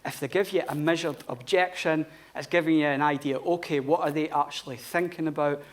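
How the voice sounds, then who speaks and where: A man's voice: fairly high pitch, steady tone, fairly quick. A man giving a live conference talk in a blunt, informal manner, swearing freely. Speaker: conference speaker. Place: conference hall.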